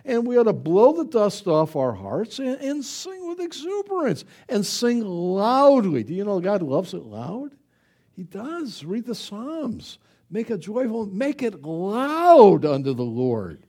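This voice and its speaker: Animated pastor with a lively voice. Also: male voice, high-pitched, breathy edge. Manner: animated and exuberant, with chatty asides. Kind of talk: conversational sermon.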